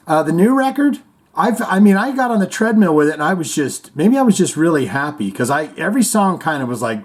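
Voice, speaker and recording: A middle-aged man hosts a chatty podcast, reading out listener comments and corny jokes. His voice sits a little high and swings widely in pitch, and he slips into goofy voices as he tells stories. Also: a little fast. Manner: animated storyteller, jumps into silly voices and reads jokes. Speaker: podcast host.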